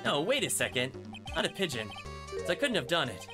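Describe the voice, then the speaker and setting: A man's voice: on the high side, big pitch swings, a little fast. A man voicing an earnest, flustered young male lawyer in plain replies over game music.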